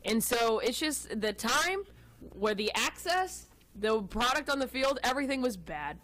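A woman from Texas co-hosting a sports radio show, chatting about football in an animated, joking way. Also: fairly high pitch, low-quality recording. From Austin, Texas. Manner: chatty, animated, quick to joke. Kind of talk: casual sports talk.

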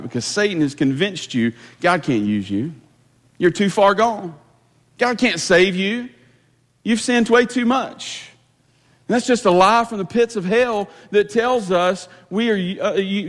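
A man preaching a sermon as pastor, emphatic, often repeating and restarting his words. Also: high voice. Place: church sanctuary. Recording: long reverb of a church hall.

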